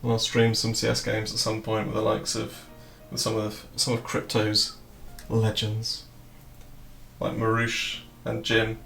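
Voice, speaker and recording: Man, streamer, rambling casual chat, gravelly voice, roomy echo, faint music behind. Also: on the low side, completely flat delivery, unhurried, a bit bright. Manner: loose, rambling, swears and laughs often. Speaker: crypto trading streamer.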